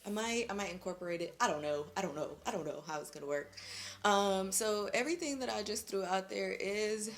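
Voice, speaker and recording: A woman's voice: medium pitch, fairly quick. A young woman chatting in a casual vlog while doing her makeup, chatty and slangy and laughing often. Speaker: beauty vlogger.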